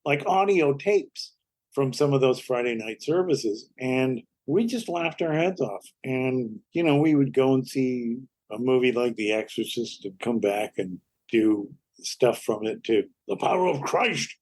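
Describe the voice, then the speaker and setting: A man's voice: mid-range voice, measured pace. An older man, a comedy actor and writer, telling anecdotes as a podcast guest and acting out the voices of people he quotes. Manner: lively anecdotal storytelling, acts out quoted voices. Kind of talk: storytelling interview.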